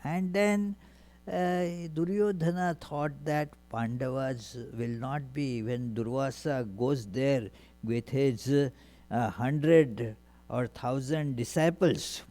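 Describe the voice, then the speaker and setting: Slow-speaking monk telling scripture stories. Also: male voice, medium pitch. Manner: unhurried, many hesitations, animated retelling. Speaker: monk lecturer. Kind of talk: spiritual lecture storytelling.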